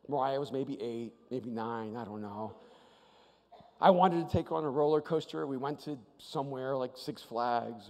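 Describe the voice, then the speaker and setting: A man preaching a sermon as an animated storyteller, often repeating his first words playfully. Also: medium pitch. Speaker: pastor. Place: church auditorium with live audience. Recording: long reverb of a large hall.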